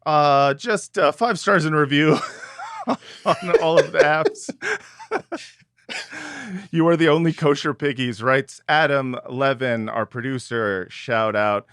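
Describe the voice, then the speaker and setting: A man's voice: a little high, slow pace, long pauses, no echo, clean studio sound. A man co-hosting a comedy podcast, bantering in a sarcastic, joking way. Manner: jokey, sarcastic, lively delivery.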